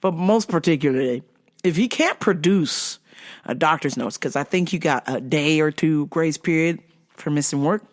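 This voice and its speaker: A woman hosting a casual show, telling stories in a profane, animated way and laughing often. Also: low-pitched, moderate pace. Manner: animated storytelling, frequent laughter, heavy swearing. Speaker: show host. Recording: voice over background music.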